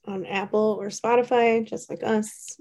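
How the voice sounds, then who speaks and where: A woman's voice: mid-range voice, fairly even intonation, unhurried, a little mellow. A woman co-hosting a podcast in casual chat, talkative, with lots of fillers and easy laughs. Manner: chatty, laughs often, many fillers. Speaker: podcast co-host.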